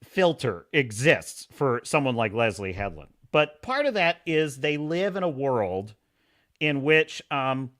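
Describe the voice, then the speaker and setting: A man hosting a live stream, talking in a sarcastic, animated way and reading chat messages aloud. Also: medium pitch, a little slow. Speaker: podcast host.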